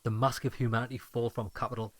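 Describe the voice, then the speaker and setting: A man's voice: medium pitch, flat delivery, fast, close to an everyday voice. A man reading as a frail bitter old deserter. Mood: haunted. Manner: grim, clipped and bitter.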